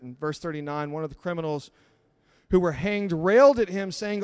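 A male preacher giving a passionate sermon, building to loud emphatic peaks and dropping to quiet, intense stretches. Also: a little high, fairly quick, clean tone, no room sound.

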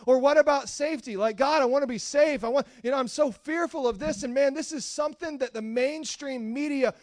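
A man preaching a sermon to his church, speaking casually with restarts, then building into repetitive, shouted fervor. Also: very high-pitched, brisk, no echo, studio quality. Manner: casual slang and self-interrupting restarts. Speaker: pastor.

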